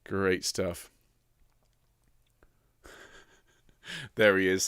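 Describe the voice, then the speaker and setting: Man, choir director, low voice, slightly rough, chatty, dry computer-mic sound. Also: level tone, drawn-out words, long pauses, dry recording. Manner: chatty, teasing, warm greetings to each singer. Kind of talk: live online rehearsal chat. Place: at home. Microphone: computer mic on a video stream.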